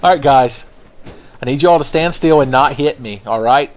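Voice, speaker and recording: A man's voice: medium pitch, moderate pace, slight background noise. A man giving casual, profane, sarcastic commentary while playing a video game. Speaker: gameplay commentator. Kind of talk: casual let's-play commentary.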